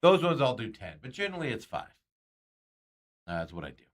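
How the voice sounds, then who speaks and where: A man's voice: mid-range voice, very animated, fairly quick. A man hosting a sports radio show, chatting casually and rambling with frequent chuckles and self-corrections.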